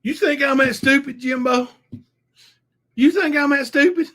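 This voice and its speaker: A man putting on the voice of a cowardly male rival, in a high, shrill mocking tone. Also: moderate pace, sharp tone.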